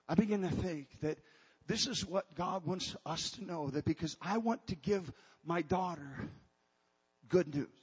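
A man's voice: high voice, breathy edge, big-room sound, highs cut off. A man preaching a sermon to his congregation in an emphatic way, breaking off and restarting as he calls out to them. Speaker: pastor.

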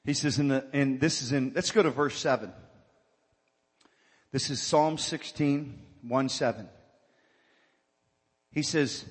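A man's voice: mid-range voice, takes it slowly, long pauses, breathy edge, in a large hall. A male pastor preaching a sermon, calling for amens and building to fervent exhortation. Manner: call-and-response preaching, rising to fervent exhortation.

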